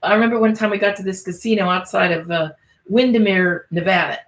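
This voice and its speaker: A woman comedian hosts a casual chat, spinning rambling, profane stories in a voice of middle pitch. Her words echo around the room. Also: fast. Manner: rambling, profane, restarts sentences. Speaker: podcast host and comedian. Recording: echoey room.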